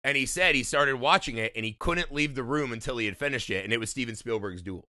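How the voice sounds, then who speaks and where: Profane, animated American storyteller man. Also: mid-range voice, fast talker, dry recording, studio quality. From Indiana, USA. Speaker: podcast co-host. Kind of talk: casual chat.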